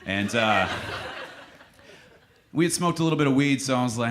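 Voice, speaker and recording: A young man doing a stand-up comedy set on a club stage, with a dry, deadpan delivery that sinks into mock-solemn quiet. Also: mid-range voice, moderate pace.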